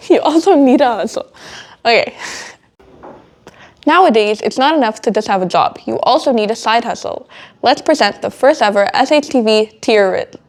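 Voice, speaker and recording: A teenage girl with a slightly high voice hosts a student show. She keeps breaking into giggles and restarting her lines, flustered but cheerful. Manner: giggly, flustered by slip-ups. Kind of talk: outtakes of a school show.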